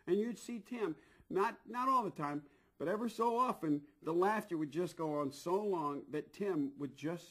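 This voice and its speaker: A middle-aged man telling a long anecdote in an interview, animated, acting out what people said, with frequent restarts. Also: fairly high pitch. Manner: animated, acts out quoted voices, frequent restarts. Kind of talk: anecdotal storytelling.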